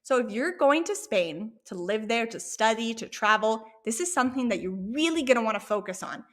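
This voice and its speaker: A woman's voice: fairly high pitch, expressive, a little fast, a bit bright. A woman teaching an online language lesson, encouraging and repeating words for learners to echo back. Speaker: Spanish teacher.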